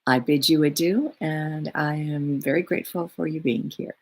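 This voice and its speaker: A woman who works as a spiritual healer, giving her weekly talk in an unhurried, rambling way with many fillers. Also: low-pitched, steady tone.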